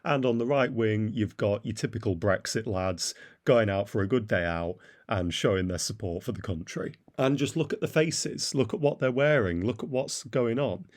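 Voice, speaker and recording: A man's voice: lowish voice, normal speed. A man giving a blunt, derisive opinion monologue as a commentator, with frequent "uh" fillers. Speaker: political commentator.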